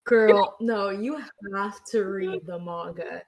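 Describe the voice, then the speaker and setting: A woman's voice: medium pitch, slow pace, creaky. A woman co-hosting a casual podcast, gushing and giggly. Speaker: podcast co-host. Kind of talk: casual chat.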